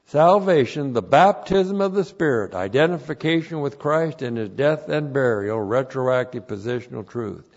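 A male pastor teaching a passage word by word, spelling out Greek terms and bursting into loud emphatic phrases. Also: on the high side, dull audio. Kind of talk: expository Bible teaching.

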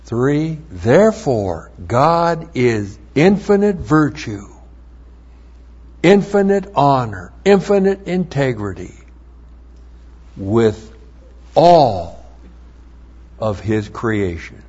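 A man teaches verse by verse from the Bible at a very slow, deliberate pace. He leans hard on key phrases and repeats them for emphasis, at a middle pitch. The recording is dull and lo-fi. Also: very animated, a little mellow, slightly rough.

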